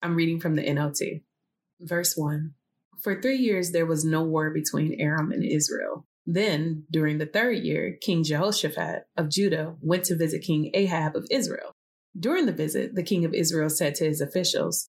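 A woman reading a biblical passage aloud in a relaxed, chatty way, with casual asides between sections. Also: lowish voice, normal speed. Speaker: scripture reader.

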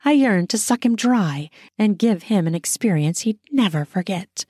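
A woman narrating a first-person erotic audio story in an intimate, soft, drawn-out manner. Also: medium pitch, lively intonation, no echo, studio quality.

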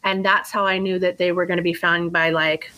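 A young adult woman, a guest on a talk podcast, telling a story in an animated way, acting out her own quotes and swearing casually. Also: fairly low pitch, brisk, low-quality recording. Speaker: psychic life coach, guest.

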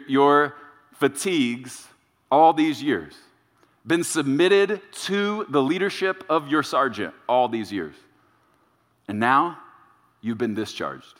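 A male pastor delivering a sermon, emphatic and repetitive, with dramatic pauses. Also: medium pitch, a bit bright. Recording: reverberant church sanctuary.

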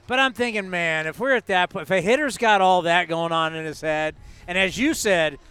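A man hosting a sports talk show, chatty and animated, addressing listeners directly. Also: high-pitched, moderate pace, clean tone. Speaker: radio show host.

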